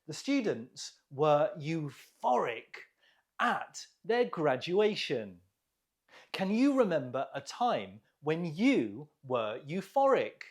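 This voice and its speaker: Lively, slow-paced male English teacher. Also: a little high. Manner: clear, lively teaching delivery with rising questions. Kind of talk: vocabulary lesson.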